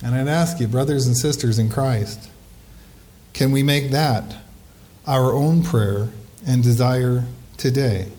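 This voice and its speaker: A middle-aged man, a pastor, preaching a sermon and slowing down to stress key phrases. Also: mid-range voice, warm tone.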